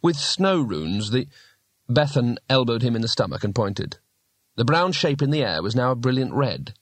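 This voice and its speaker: Reading scripted narration for a fantasy audiobook, a mid-pitched man keeps a measured, steady storytelling pace. The sound is close-miked and dry, free of any room reverberation.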